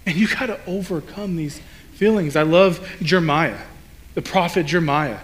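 A man's voice: sits high, moderate pace, a bit bright. A man preaching a sermon to a room of people, speaking conversationally with rhetorical questions and acted-out quotes. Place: room with a congregation.

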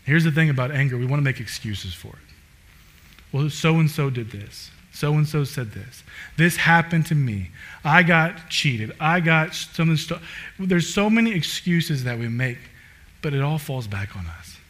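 A man preaching a sermon in a casual, conversational way, full of "like" fillers, swinging from loud emphatic bursts to low quiet asides. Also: moderate pace. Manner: animated, rising loud and emphatic then dropping low.

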